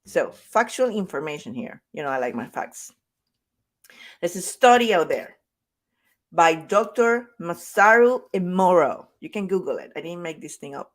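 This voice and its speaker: A woman's voice: fairly low pitch, lively intonation, moderate pace. A woman self-love coach giving a conversational motivational talk, speaking emphatically and repeating her key points.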